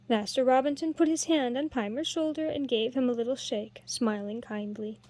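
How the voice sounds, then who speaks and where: High-voiced woman reading a novel aloud. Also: normal speed, few pauses, darkish tone, no room sound. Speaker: audiobook reader. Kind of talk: scripted narration.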